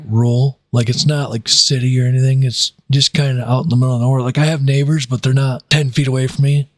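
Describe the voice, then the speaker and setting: Rambling young man telling a story. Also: no room sound. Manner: rambling, many fillers and restarts, voices quotes in a higher pitch. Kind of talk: casual storytime.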